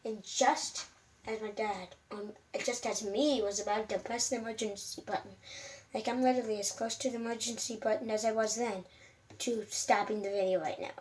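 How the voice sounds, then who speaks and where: A woman's voice: medium pitch, steady tone, fairly quick, darkish tone. A female vlogger telling a casual storytime, rambling and restarting her sentences with many fillers. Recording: voice from a distance with faint background hum.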